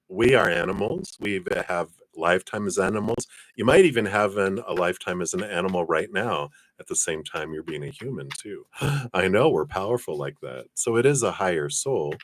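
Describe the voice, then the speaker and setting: A man giving a live-streamed card reading, chatting to viewers by name and passing on messages in a drawn-out, hesitant way. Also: deep voice, a bit bright, no room sound. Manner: chatty, reads viewer names and passes on spirit messages. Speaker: tarot reader.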